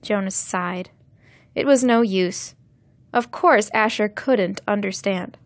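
A woman reads a novel aloud in a slow, carefully enunciated audiobook style meant for learners. Her voice sits at an ordinary middle pitch. The recording is dry and close, with no room echo. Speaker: narrator reading a novel for English learners. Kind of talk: scripted audiobook narration.

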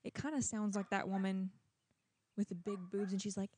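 A woman's voice: medium pitch, level tone, moderate pace, mellow. A young woman hosting a prank-call show, chatting in a rambling, self-questioning way. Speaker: host. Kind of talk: casual chat.

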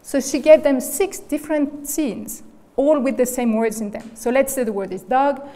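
A woman gives a lecture in a large hall, and long reverb trails behind each phrase. Her voice sits a little high. She builds the argument step by step and keeps checking with the room. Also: normal speed, warm tone. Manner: explains step by step, often checks in with "okay?" and "right?". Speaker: guest lecturer. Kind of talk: academic lecture.

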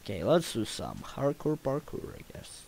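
A man's voice: medium pitch, huge pitch swings, normal speed, gravelly, darkish tone, a little hiss or hum, low-quality recording. Man playing up a put-on Russian accent. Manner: playful, jokey rambling. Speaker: gamer. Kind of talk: casual gameplay commentary.

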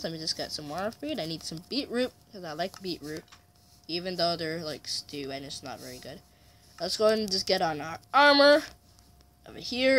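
A man doing casual let's play commentary, chatty, muttering frustration and taunting and yelling challenges at opponents. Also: high-pitched. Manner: mutters frustration, mild swearing. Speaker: gamer.

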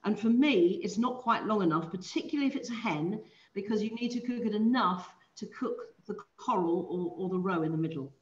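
A woman's voice: mid-range voice, expressive, a little fast, few pauses, roomy sound, highs cut off. Chatty woman demonstrating seafood prep. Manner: chatty, explanatory, with many ums and self-corrections. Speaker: seafood masterclass presenter. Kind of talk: live online cooking demonstration. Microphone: video call.

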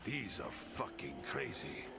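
An actor playing a gruff, hard-drinking middle-aged Russian soldier in a video game, with a Russian accent and broken English. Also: male voice, fairly low pitch, sing-song, takes it slowly, over loud music, heavily acted.

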